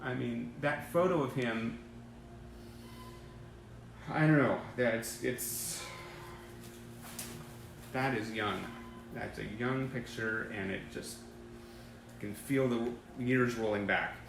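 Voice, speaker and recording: Man, fan livestream host, gushing rambling chat, roomy webcam audio, mid pitch. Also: slow pace, creaky, long pauses, noisy background. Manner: enthusiastic, rambling, gushing, greeting viewers by name. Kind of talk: casual livestream chat reading old press clippings. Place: indoor room with sunlight through a window. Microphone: webcam or phone livestream.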